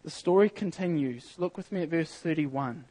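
A man delivering a sermon with an earnest, emphatic manner. His voice sits a bit higher than most men's, and he reads scripture aloud, circling back on words as he presses each point. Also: normal speed, dark tone, poor audio. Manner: earnest, emphatic, with reading of scripture and repeated phrases. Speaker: preacher.

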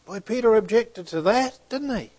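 A man preaching a sermon, retelling a story and acting out the dialogue, sometimes dropping to a hushed near-whisper. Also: sits high, expressive, moderate pace, husky.

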